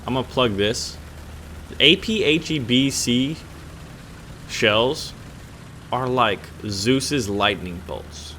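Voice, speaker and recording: A man's voice: medium pitch, animated, slow pace, long pauses, bright, forceful tone, slight background noise. A man hosting a gaming channel, chatting casually over his gameplay in a rambling, joking way with lots of fillers and restarts.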